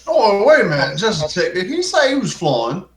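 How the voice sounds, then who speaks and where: A man playing in a tabletop game, excitable and swearing freely. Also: high-pitched, fairly quick. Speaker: player. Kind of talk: casual game chat. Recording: roomy mic with faint noise and keyboard typing.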